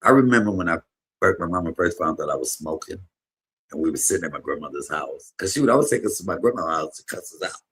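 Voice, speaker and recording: A man in his fifties, a comedian streaming a casual chat and telling emotional, rambling stories with sudden loud bursts. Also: deep voice, lively intonation, quick pace, husky. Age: 50s. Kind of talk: casual livestream chat and storytelling.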